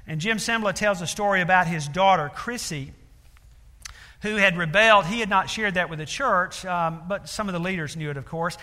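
Fairly quick and forceful, a man with a high, bright voice delivers a sermon, earnestly recounting a story full of fillers and rising to emphatic appeals. A large hall's long reverb colors the recording.

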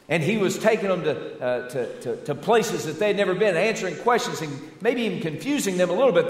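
A Southern American pastor preaching a folksy, animated sermon full of rhetorical questions. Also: male voice, a little high, a little fast, few pauses. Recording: echoey church hall.

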